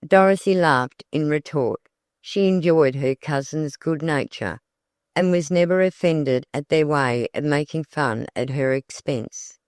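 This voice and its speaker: Smooth, measured audiobook narrator. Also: mid-range voice, dry recording, studio quality.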